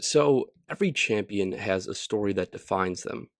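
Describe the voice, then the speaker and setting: A man's voice: lowish voice, lively intonation, normal speed, no room sound, clean studio sound. A man with a Midwestern American accent from Wisconsin, hosting a podcast interview in an eager, upbeat way. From Wisconsin, USA. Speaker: podcast host.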